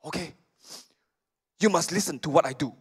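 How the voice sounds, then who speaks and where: A calm old karate master, played by a male preacher speaks in short, hushed orders. The voice drops below the preacher's high natural pitch. The words are plain and clipped. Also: moderate pace, slightly rough. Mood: calm instruction.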